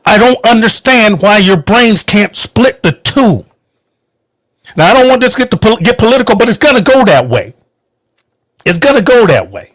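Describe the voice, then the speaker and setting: A man's voice: sits high, big pitch swings, moderate pace, a bit bright, no echo, studio quality. A man hosting a podcast, giving a heated, profane, emphatic political rant from home. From United States. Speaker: podcast host. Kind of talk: angry political monologue.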